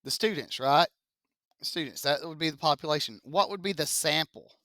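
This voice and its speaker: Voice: mid-range voice, moderate pace, pushed and bright, no room sound, studio quality. A young-adult math teacher, giving a chatty classroom statistics lecture, quizzing students and adding joking asides.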